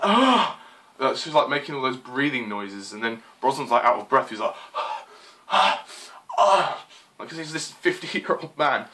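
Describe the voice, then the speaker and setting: A film reviewer in full rant mode, a man who swears freely and keeps stumbling through fillers. His voice sits a little high and sounds bright and forward, and his pitch leaps around as he gets worked up. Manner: exasperated, swearing, lots of fillers.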